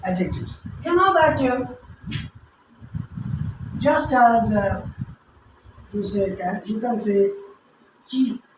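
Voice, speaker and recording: A woman teaching English grammar, slowly repeating each word syllable by syllable and sometimes explaining in local languages. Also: on the high side, animated. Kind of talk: grammar lesson with pronunciation drills. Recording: very echoey room, voice from far off, faint hiss.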